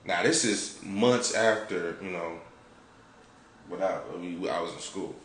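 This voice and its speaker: A man from Detroit, a podcast host, telling an animated, profane story in a laid-back way. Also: low voice, measured pace. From Detroit, United States. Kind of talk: casual storytelling. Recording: roomy with faint background noise.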